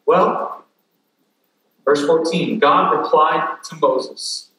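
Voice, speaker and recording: Male pastor, sermon, bright clear tone, energetic and interactive, joking asides, echoey hall, heard from far off. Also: a little high, normal speed.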